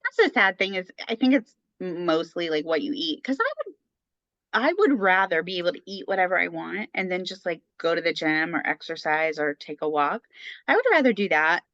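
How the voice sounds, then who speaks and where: Bright chatty woman co-host. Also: lowish voice, lively intonation, fairly quick, no room sound, highs cut off. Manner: chatty, rambling with many fillers. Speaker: podcast co-host. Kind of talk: casual chat.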